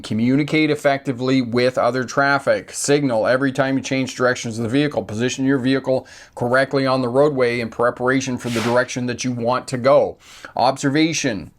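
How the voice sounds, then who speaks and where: An older man, a driving instructor, giving an emphatic lesson to camera, repeating key phrases with folksy asides. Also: mid-range voice.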